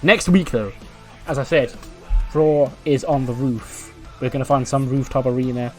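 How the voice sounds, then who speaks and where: A man's voice: mid-range voice, fairly even intonation, normal speed, faint music behind. A man casually narrating a wrestling management game as its regular host, chatty and often laughing. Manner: chatty, laughs often, retells scenes with quoted voices. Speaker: game commentator.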